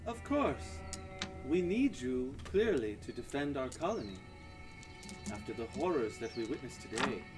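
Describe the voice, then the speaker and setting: A gracious fairy queen voiced by a man speaks softly and gently, with a raised, lilting pitch for her tabletop game. Music plays behind her. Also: sing-song, unhurried, far from the mic. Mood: coaxing. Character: tearful fairy queen of a fey colony.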